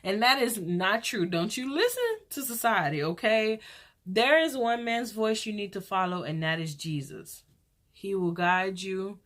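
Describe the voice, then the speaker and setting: A woman in her twenties hosting a casual vlog, chatty and rambling, telling stories in a lively way. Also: medium pitch, a little slow. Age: 20s. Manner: chatty, rambling, lively storytelling with church talk. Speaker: vlog host.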